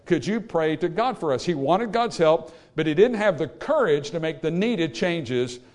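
A male preacher delivering a sermon, his voice sitting a little high for a man. He moves between quiet, careful explanation and loud, emphatic appeals to the congregation. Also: animated, normal speed. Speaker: pastor.

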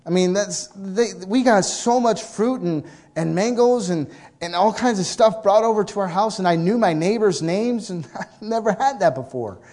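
A man preaching a sermon, telling a story with lively asides and acting out characters in excited voices. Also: high-pitched, normal speed.

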